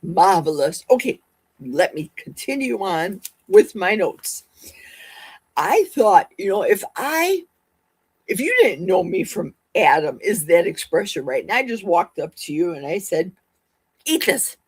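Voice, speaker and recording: A middle-aged woman hosting a casual livestream, talking fast and rambling from one topic to the next. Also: lowish voice, big pitch swings, darkish tone, husky, dry recording. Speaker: livestream host.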